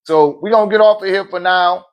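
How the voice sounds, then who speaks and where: High-voiced man preaching on a livestream. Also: brisk, clean tone, muffled recording. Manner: preachy and laughing often, with slangy asides. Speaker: livestream host. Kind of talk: casual livestream talk. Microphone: phone.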